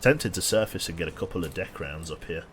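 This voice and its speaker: Low-voiced sardonic male game streamer. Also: lively intonation, fairly quick, a bit bright, a little hiss or hum. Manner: dry, sardonic play-by-play, swearing casually. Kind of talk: live gameplay commentary to chat.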